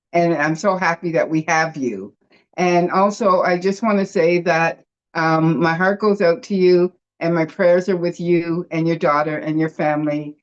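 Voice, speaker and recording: A woman from Canada, giving an emotional, effusive thank-you speech to an online group over her phone, with many fillers and restarts. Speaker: webinar panelist. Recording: muffled low-fidelity phone audio.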